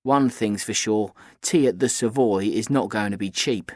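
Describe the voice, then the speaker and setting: A man reading a children's novel aloud in the first person, in an even storytelling manner. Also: lowish voice, normal speed, no room sound, clean studio sound. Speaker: audiobook narrator. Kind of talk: scripted first-person narration.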